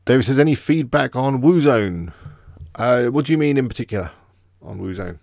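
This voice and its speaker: A man's voice: medium pitch, animated, moderate pace, gravelly, a little mellow, no room sound, studio quality. Chatty English man hosting a live stream. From England. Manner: chatty, greets viewers by name. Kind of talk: casual live stream chat.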